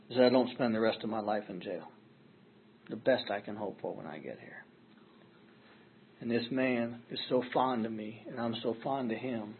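A man's voice: mid-range voice, slight background noise. A middle-aged man speaking at a recovery meeting, telling his own story in an earnest, self-deprecating way. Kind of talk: personal storytelling talk. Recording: tinny phone-like audio.

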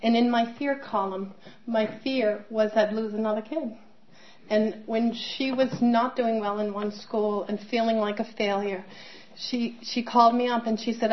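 A woman's voice: medium pitch, steady tone, normal speed, lo-fi sound. A middle-aged woman telling her personal recovery story, candid and conversational, with many fillers and restarts. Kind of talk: personal testimony talk.

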